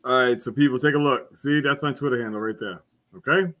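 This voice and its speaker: A man's voice: medium pitch, fairly quick, a bit bright. A man co-hosting a podcast, ranting with passion, blunt and profane. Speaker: podcast co-host. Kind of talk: casual podcast discussion.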